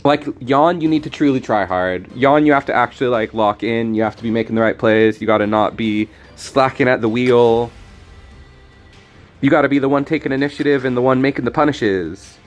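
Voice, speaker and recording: A male streamer chats loosely over his card game, wandering between thoughts and poking fun at himself. His voice sits at a middling pitch, with soft music playing faintly underneath. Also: fairly quick. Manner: rambling, jokey, self-deprecating. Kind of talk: casual gameplay commentary.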